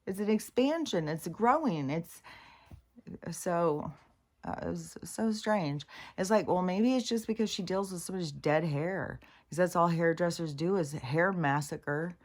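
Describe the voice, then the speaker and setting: A woman in a casual vlog, rambling and exasperated, swearing freely and growing loud when indignant. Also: lively intonation, measured pace. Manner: grows loud and high-pitched when indignant. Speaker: vlogger. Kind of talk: casual spiritual vlog rant.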